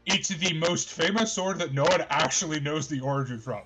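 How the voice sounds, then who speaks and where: A man chatting on a casual gaming stream in a halting way, restarting his sentences. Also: fairly high pitch, over a noisy crowd. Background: music.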